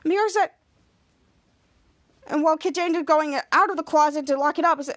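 A woman's voice: high-pitched, brisk. A woman hosting a podcast, casually recapping a TV episode in a rambling way with frequent restarts. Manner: rambling retelling with restarts, voices quotes. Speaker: podcast host.

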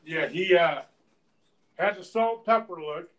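Easygoing guy tossing in short replies, voice a bit high. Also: measured pace, fairly bright tone. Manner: laid-back, brief replies, laughs along. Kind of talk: casual chat.

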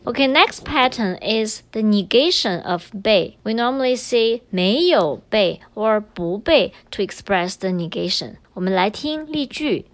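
Lively patient woman teaching grammar. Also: mid-range voice, a little slow, few pauses, no echo. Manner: patient, switches between English and Chinese. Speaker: language teacher. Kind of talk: explaining grammar in a recorded lesson.

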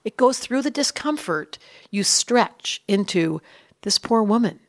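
A woman's voice: mid-range voice, lively intonation, unhurried, no echo, studio quality. A woman guest, an astrologer, telling stories in casual chat. She acts out quotes and sometimes drops to a whisper.

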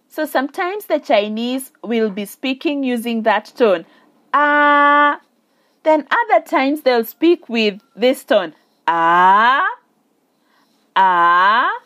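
A woman teaching a beginner Mandarin lesson, speaking slowly and deliberately and drawing out sounds to demonstrate them. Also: high voice. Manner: slow and deliberate, drawing out vowels and tones for demonstration. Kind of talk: slow spoken language lesson.

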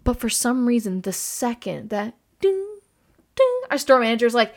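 A young woman co-hosting a casual podcast, telling animated stories with quick asides. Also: a little high. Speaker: podcast co-host. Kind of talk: casual chat.

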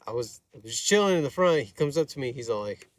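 A man's voice: medium pitch, lively intonation, fast. A man telling a rambling, filler-heavy story in casual chat, sitting away from the mic.

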